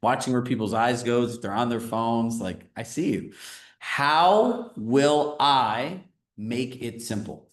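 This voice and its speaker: Energetic male coach on a video call. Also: mid-range voice, slow, echoey room. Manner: energetic, conversational, filler-heavy with frequent "right?". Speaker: real estate business coach.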